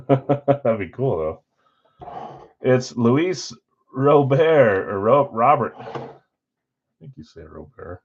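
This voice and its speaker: A man's voice: mid-range voice, animated, slow, long pauses, breathy edge. A man hosting a live stream card break, chatting casually and thinking aloud as he opens packs. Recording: dull lo-fi stream audio.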